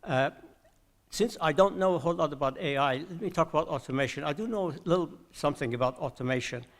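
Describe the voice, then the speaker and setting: Gravelly older man, halting lecture. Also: on the high side. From Iran. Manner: hesitant, many filler uhs and restarts. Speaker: conference discussant. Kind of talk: academic conference talk.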